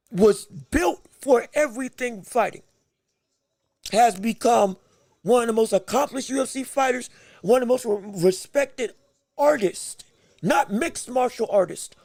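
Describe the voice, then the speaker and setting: A man's voice: very high-pitched, vocal fry, darkish tone, no room sound. A man hosting a podcast, giving emphatic live fight commentary with repeated phrases and joking banter with the chat. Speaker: podcast host.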